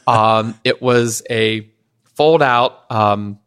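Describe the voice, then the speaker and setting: A middle-aged man from Pennsylvania, a guest on a podcast, telling a long anecdote in an animated way and acting out what others said. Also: fairly low pitch, extremely slow, smooth. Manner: animated, acts out others' lines in shifting voices. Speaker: podcast guest, event designer. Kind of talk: anecdotal storytelling in conversation.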